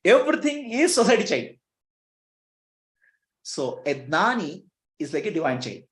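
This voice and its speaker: With big pitch swings, a measured pace and a fairly bright tone, a male spiritual teacher speaks to listeners in an echoey room. His pitch moves freely as he asks rhetorical questions, chuckling between points.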